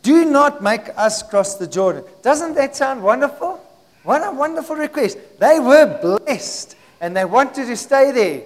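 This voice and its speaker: Man preaching, very high voice, long reverb in a church hall, call-and-response, hushed to shouting. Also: big pitch swings, unhurried. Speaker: pastor. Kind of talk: sermon.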